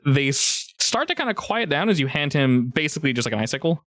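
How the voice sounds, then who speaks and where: A man's voice: a little high, big pitch swings, fast, fairly bright tone, no room sound, studio quality. A man narrating as game master in a rambling, laughing way with many restarts.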